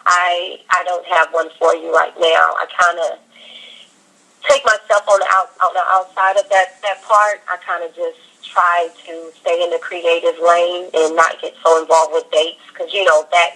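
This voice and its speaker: Bright-voiced woman, upbeat and heartfelt. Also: on the low side, moderate pace, poor audio. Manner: upbeat, heartfelt, lively storytelling. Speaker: singer interviewed. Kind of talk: casual interview.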